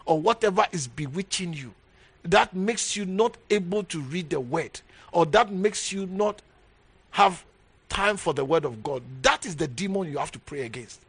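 A man preaching a sermon as bishop, emphatic, repeating key phrases and swinging from low murmurs to raised exhortation. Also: fairly bright tone, breathy edge.

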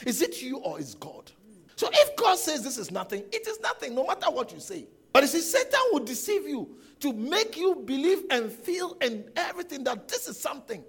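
A man's voice: extremely high pitch, very animated, fairly quick, gravelly, fairly bright tone, breathy edge. A man preaching a sermon to a congregation, emphatic, repeating phrases and firing rhetorical questions. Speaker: pastor. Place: church service before a congregation.

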